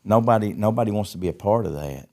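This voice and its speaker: Man, middle-aged, very low voice, folksy testimony, repeats himself. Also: lively intonation, fast talker, darkish tone. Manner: folksy, repeats words as he tells stories. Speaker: podcast guest, recovery ministry founder. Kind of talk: casual testimony storytelling.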